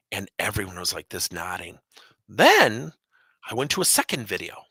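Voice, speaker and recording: A middle-aged man from Wisconsin, a business coach telling stories in an energetic keynote, acting out quotes and jumping up in pitch for emphasis. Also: moderate pace, husky, dry recording. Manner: animated, jumps high in pitch for emphasis, acts out quotes.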